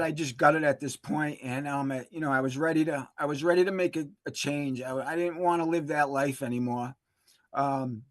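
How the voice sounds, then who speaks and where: A man telling his recovery story in a halting, emotional way, full of fillers and restarts. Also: on the high side, a bit bright, dry recording. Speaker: interview guest, recovery specialist. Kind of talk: emotional personal testimony.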